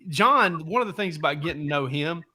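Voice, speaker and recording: Male co-host, bright forceful voice, eager and filler-heavy. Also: a little high, animated, fairly quick. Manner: enthusiastic with many fillers. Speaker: podcast co-host. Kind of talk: casual chat.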